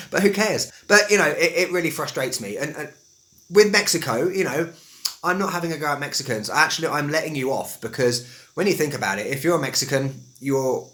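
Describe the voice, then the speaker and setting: A man's voice: a little high, fairly quick. A man from England with a West London accent, giving a chatty, jokey video lesson on accents. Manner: chatty and animated, jokey asides. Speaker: English teacher.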